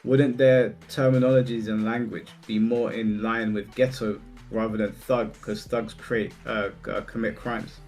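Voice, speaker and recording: A man's voice: fairly low pitch, level tone, normal speed, hardly any pauses, darkish tone, soft background music. A man on a casual podcast panel who asks questions hesitantly and stumbles over his words.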